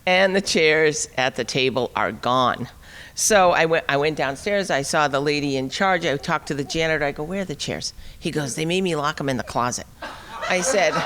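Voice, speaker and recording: A middle-aged woman giving an animated, wry storytelling talk at a forum, acting out the dialogue as she goes. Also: low voice, slight background noise. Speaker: speaker at a liberty forum. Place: conference hall. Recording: long reverb of a hall.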